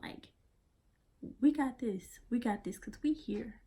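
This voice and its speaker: A woman vlogging in a blunt, profane pep-talk manner, sometimes dropping her voice to a soft near-whisper. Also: a little high, slow, slight background noise. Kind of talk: casual motivational vlog talk.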